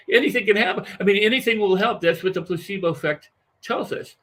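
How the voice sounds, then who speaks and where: A husky man with a fairly high voice speaks as a guest in a conversational interview. He is animated and emphatic and piles up repeated phrases to drive a point home. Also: brisk.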